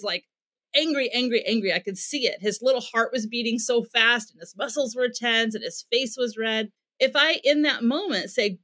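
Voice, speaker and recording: A middle-aged woman with an American accent talks through her points in an interview, sounding like a teacher walking a class through an idea. Her voice sits a little on the high side, and she drives each point home with a concrete example and a repeated word. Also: fairly bright tone. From United States. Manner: teacherly, builds points with examples and emphatic repetition. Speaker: parenting expert guest. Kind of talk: explanatory interview answers.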